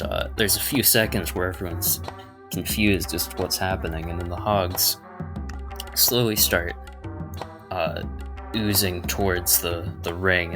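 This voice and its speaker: Very deep-voiced man narrating. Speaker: player. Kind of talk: narrating a tabletop game.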